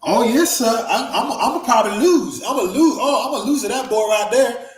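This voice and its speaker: A man's voice: extremely high pitch, animated, a little fast, reverberant, slight background noise, voice pushed up. A man voicing a strong young man who plays dumb, stammering meekly with nervous laughs. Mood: feigned meek. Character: frightened strongman playing dumb, feigning meekness.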